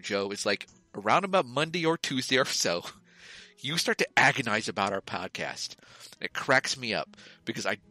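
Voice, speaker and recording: A man's voice: medium pitch, bright, forceful tone, dry recording. A man co-hosting a podcast in casual chat, teasing his friend and laughing often. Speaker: podcast co-host.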